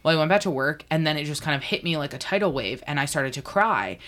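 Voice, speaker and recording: Woman, low voice, young adult, podcast co-host, candid storytelling, casual chat. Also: expressive, quick pace, a bit bright.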